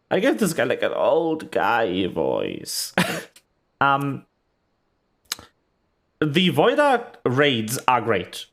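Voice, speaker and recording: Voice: mid-range voice, fairly bright tone. A VTuber streamer giving rambling, chatty commentary while playing, full of fillers and small laughs. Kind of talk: casual game stream commentary.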